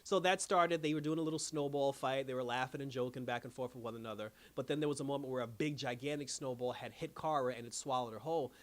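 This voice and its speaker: Barely pausing, a man with a medium-pitched voice rattles through a loose recap of a cartoon episode at a quick clip. He reviews it in an animated, rambling way, stuffing in fillers and performing the characters' lines.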